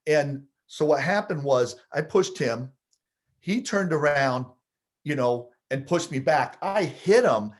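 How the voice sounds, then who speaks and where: A man's voice: fairly high pitch, lively intonation, takes it slowly. A middle-aged man telling an emotional childhood story in casual conversation, laughing at points.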